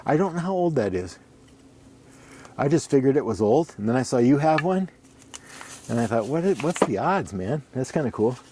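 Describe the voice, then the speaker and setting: A middle-aged man with a mellow, medium-pitched voice and lively intonation examines an ax handle in a casual workshop show-and-tell, speaking at normal speed with frequent pauses. He rambles and thinks aloud, talking to himself as he counts and points things out, with slight background noise.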